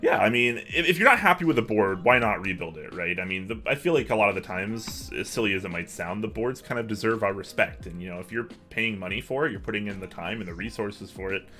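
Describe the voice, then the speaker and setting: A man's voice: lowish voice, expressive, fast, hardly any pauses, pushed and bright, faint music behind. A young man hosting a casual livestream from his home office, chatting and answering viewer messages. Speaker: livestream host.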